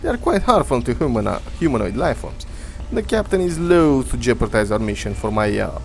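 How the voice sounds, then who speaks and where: A man's voice: medium pitch, very animated, fairly quick, creaky, a little mellow. A man voicing a curious male alien science officer with a put-on Russian accent, reading a formal log. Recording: faint game music behind.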